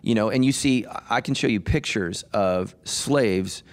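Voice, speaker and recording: A man's voice: lowish voice, measured pace. A middle-aged man, a pastor hosting a podcast, talking emphatically in a casual discussion, with frequent restarts.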